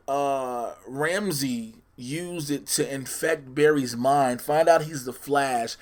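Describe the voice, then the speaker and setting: A man hosting a solo podcast, chatting casually and in a scattered way. He often corrects himself and teases his listeners with spoilers. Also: medium pitch. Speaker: podcast host.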